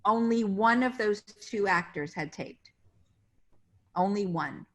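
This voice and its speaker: A woman's voice: mid-range voice, slow. Chatty woman casting director telling stories. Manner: chatty anecdotes, acting out quoted voices. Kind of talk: casual interview storytelling.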